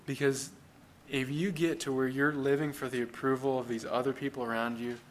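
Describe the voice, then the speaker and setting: A man's voice: mid-range voice, level tone, fairly quick, a little hiss or hum. A man preaching a sermon as pastor, speaking in an earnest, plain-spoken conversational way and putting rhetorical questions to the congregation.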